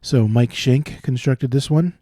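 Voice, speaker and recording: A man solving cryptic crossword clues out loud, thinking through each one and explaining the wordplay as he goes. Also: medium pitch, a little slow, dry recording, clean studio sound. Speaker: puzzle solver.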